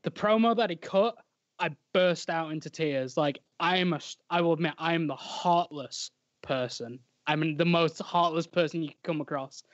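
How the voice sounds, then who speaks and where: A fairly high-voiced man co-hosts a casual podcast chat and rambles along with lots of fillers. The sound is dry and a little muffled. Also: normal speed, no echo. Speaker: podcast co-host. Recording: dry, dull lo-fi audio.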